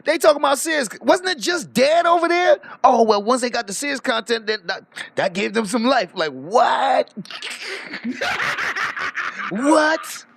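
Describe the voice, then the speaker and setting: A man's voice: very high voice, brisk, gravelly, a bit bright, slight background noise. A man ranting boastfully on a live stream, swearing freely and laughing often. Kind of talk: casual livestream rant.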